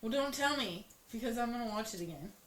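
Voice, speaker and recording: A woman's voice: fairly high pitch, animated, quick pace, a bit bright. A woman in her thirties in casual chat, easygoing and laughing along. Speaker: co-host. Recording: echoey room with faint hiss.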